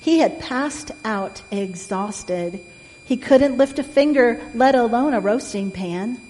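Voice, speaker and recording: Storyteller: gentle woman reading to kids, slow and a bit high, echoey room. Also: animated. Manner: gentle, asks the listener questions. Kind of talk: reading a picture book aloud.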